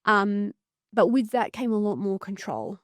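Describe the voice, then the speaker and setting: A woman's voice: medium pitch, animated, measured pace, no echo, studio quality. An Australian woman, a psychotherapist guest, telling a painful personal story in an earnest, intense and blunt way. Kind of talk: emotional personal story in podcast conversation.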